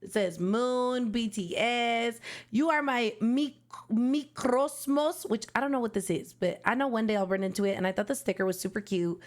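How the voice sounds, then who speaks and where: A woman vlogger chatting casually through an album unboxing, excitable and slangy, often gasping and exclaiming. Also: a little high, normal speed.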